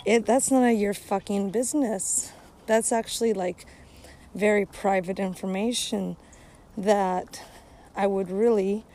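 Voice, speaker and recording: A woman's voice: mid-range voice, dark tone, a little hiss or hum. A woman venting in a casual vlog, recorded on her phone outdoors at a park, bitter and sarcastic with lots of swearing. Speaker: vlogger. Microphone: phone held by speaker.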